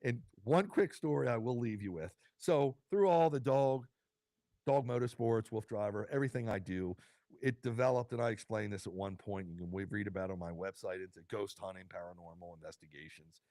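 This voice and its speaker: A podcast host speaks alone on his own vodcast from a studio, casual and rambling, full of fillers and restarts, and he is choked up with emotion. His voice is on the low side and dark in tone, the pace is fairly quick, and there is no room sound.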